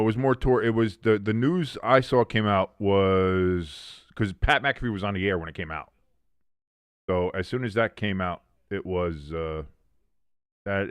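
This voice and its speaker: A man's voice: on the low side, clear, resonant tone, dry recording. A man hosting a sports watch-along stream, chatting casually with chat and calling the plays in a rambling way with many restarts.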